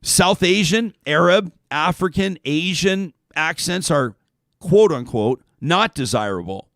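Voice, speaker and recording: A man hosting a talk show, chatting casually and reading listener emails aloud in an animated way. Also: a little high, slow pace, dry recording, clean studio sound. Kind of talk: radio talk show monologue.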